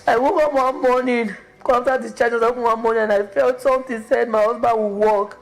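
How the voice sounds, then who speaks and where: A woman with a Nigerian accent giving a fervent church testimony, breaking into high exclamations. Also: steady tone, brisk, rough recording. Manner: fervent, exclamatory, with sudden high emotional cries. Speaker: testimony giver.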